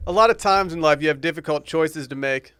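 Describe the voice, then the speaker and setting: A man co-hosting a podcast, chatting casually in an excitable, joking way. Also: on the high side, a little fast, clear, resonant tone. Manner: excitable, jokey, reads ad copy playfully. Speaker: podcast co-host. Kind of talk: casual chat.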